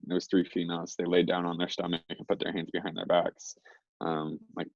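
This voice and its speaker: A man's voice: sits low, monotone, a little fast, gravelly, dry recording. A young man, a guest in an interview, telling a story casually and rambling, with lots of fillers. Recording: dry, slightly dull lo-fi recording.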